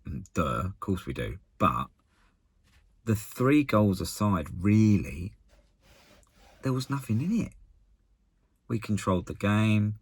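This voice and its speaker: A man giving a casual, exasperated post-match rant to camera as a football fan, blunt and halting, often restarting his sentences. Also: lowish voice, animated, breathy edge, no room sound. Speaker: football fan channel contributor.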